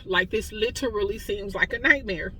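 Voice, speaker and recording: A woman's voice: mid-range voice, normal speed, pushed and bright, slight background noise, poor audio. A woman in her forties giving an impassioned personal testimony, weary and close to tears, talking straight to listeners in a conversational way. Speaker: testimony speaker.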